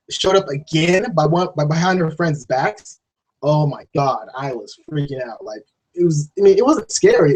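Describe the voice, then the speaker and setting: A man giving a casual, rambling spoken film review, swearing freely and restarting sentences, often jumping into a high, excited voice to act out scenes. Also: breathy edge, rough recording. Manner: jumps to high excited voice when acting out scenes.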